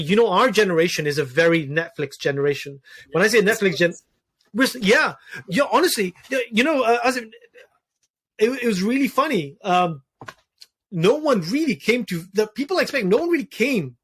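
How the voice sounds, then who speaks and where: Earnest man, slightly high voice. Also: fairly bright tone, slightly rough. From Wales. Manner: earnest, many restarts and repeated words. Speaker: podcast guest, doctor. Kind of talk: reflective personal conversation.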